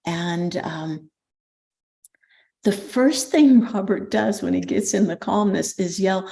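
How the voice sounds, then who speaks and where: An older woman, a spiritual teacher, telling a story in a lively way with frequent ums and restarts. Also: mid-range voice, slow, gravelly. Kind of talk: storytelling talk.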